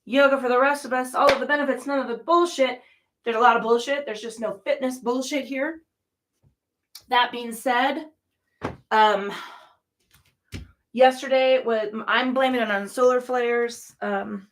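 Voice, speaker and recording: A woman's voice: a little high, steady tone, normal speed, recorded from a distance. A middle-aged woman hosting a yoga channel, chatting casually in a profane, rambling, ranting way. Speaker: yoga studio owner and host. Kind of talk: casual chat.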